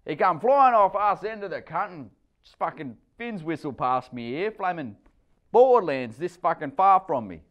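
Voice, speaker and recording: A man reading a story voices a coarse, swearing Australian surfer tradie who tells an excitable, rambling yarn. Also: high-pitched, moderate pace, muffled recording, voice pushed up. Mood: excited, crude.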